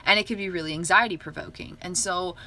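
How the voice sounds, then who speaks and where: A woman's voice: on the low side, fast talker, pushed and bright. A young woman talking casually on a livestream, earnest and upbeat, often laughing. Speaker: livestream host.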